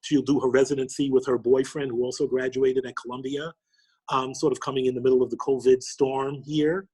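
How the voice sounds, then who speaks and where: Man, middle-aged, from New York, husky, animated storyteller. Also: medium pitch, fairly quick. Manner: animated storytelling, acting out quoted dialogue. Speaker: guest. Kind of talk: storytelling interview.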